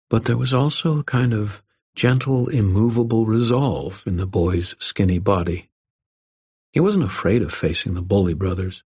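A man narrates a first-person story at a measured, even pace. His voice sits very low and carries a husky grain. The recording is dry and close, with no room echo. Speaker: audiobook narrator.

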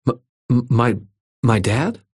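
A man voicing a frightened young boy who stammers and speaks quietly in an audiobook. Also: mid-range voice, fairly even intonation, moderate pace, vocal fry, breathy edge, no echo, studio quality, voice pushed up. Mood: stammering. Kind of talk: audiobook character voice.

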